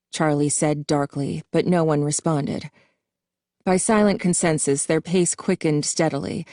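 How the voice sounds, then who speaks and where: A woman narrating a spooky novel as an audiobook in a steady storytelling way. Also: low voice, measured pace, no room sound, clean studio sound.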